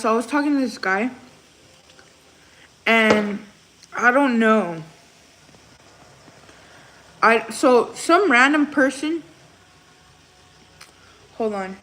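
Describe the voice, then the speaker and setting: Young woman w a high voice rambling casually on her livestream, lots of "like" and "bro". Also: a bit bright, a little hiss or hum. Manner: chatty, rambling storyteller full of "like" and "bro". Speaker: livestream host.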